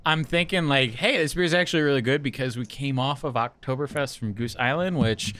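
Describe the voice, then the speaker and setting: A man's voice: mid-range voice, brisk, a crowd in the background. A man co-hosting a casual podcast chat, joking and swearing as he talks. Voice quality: joking, profane. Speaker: podcast co-host.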